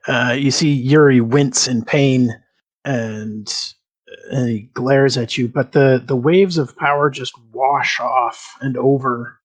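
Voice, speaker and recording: A man narrating a tabletop game as game master in an unhurried, descriptive way. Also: medium pitch, steady tone, low-quality recording.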